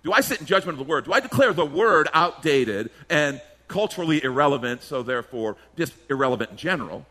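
Lively, bright-voiced man preaching. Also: on the high side, fast, few pauses. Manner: emphatic preaching with rhetorical questions and mimicked voices. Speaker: pastor. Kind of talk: sermon.

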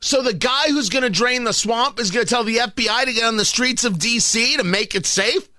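Speaking briskly into a studio broadcast mic with no room sound, a middle-aged talk radio host gives a sarcastic, combative monologue. He swings between low mutters and loud, mocking outbursts.

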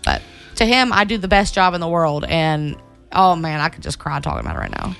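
A woman's voice: sits low, sing-song, brisk, creaky, fairly bright tone, clean tone, soft background music. A young woman co-hosting a casual morning radio show, telling a family story in a chatty, emotional way.

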